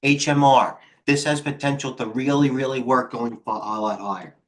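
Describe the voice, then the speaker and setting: A man's voice: mid-range voice, fairly even intonation, moderate pace. A middle-aged man hosting a live trading stream, talking casually and rambling with jokes and muttered asides. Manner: rambling, joking, self-deprecating, mutters to himself. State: out of breath.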